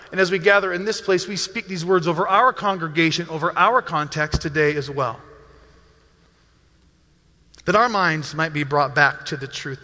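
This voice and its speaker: A man's voice: fairly high pitch, sharp tone, in a large hall. A man preaching a sermon as pastor, speaking earnestly and pastorally, often repeating a word as he starts a phrase. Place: church sanctuary.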